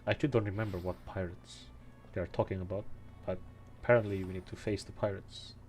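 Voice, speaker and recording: A man's voice: low voice, fairly even intonation, fast talker, darkish tone, soft background music. A man streaming a game, chatting casually and reading the text aloud with frequent self-corrections. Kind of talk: let's play commentary.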